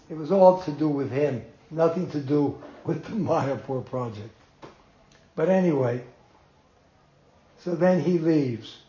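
An older man reminisces at an unhurried pace, his voice sitting a bit high. He tells the story with feeling and breaks into laughs along the way. The sound is roomy and slightly dull. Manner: animated and emotional, laughs between lines. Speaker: storyteller recalling his teacher. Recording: roomy, muffled room sound.

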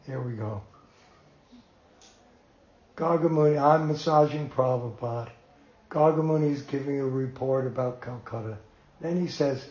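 A man's voice: mid-range voice, a little slow, pauses often. Older man telling a heartfelt memory. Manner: animated and emotional, laughs between lines. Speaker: storyteller recalling his teacher. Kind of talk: reminiscing storytelling. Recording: roomy, muffled room sound.

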